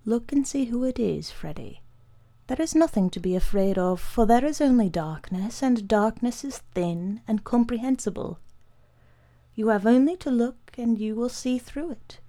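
A woman reading a story aloud, voicing a weary father who speaks softly to his frightened son. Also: a little high, expressive, moderate pace. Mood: soothing. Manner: hushed and soft-spoken.

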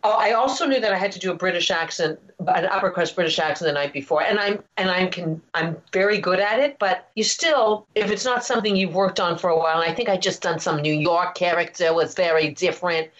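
A woman voice actor chats through a long anecdote in an interview, wandering into asides and restarting her sentences. Her voice sits a little low for a woman. The recording sounds somewhat dull and lo-fi. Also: a bit bright. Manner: chatty, rambling, many restarts and asides. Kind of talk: casual interview storytelling.

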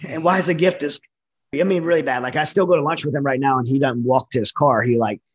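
A man's voice: mid-range voice, quick pace, breathy edge, rough recording. A man who served in the military giving an earnest, candid personal testimony in conversation, often restarting his sentences. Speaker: military veteran guest.

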